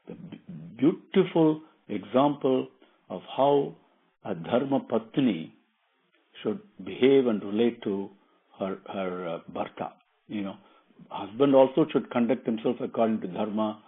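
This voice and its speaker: A man retells a scripture in a devotional discourse, explaining admiringly and often pausing with fillers. His voice is husky, and the recording is thin and narrow, like a phone line. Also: fairly low pitch. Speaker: spiritual storyteller.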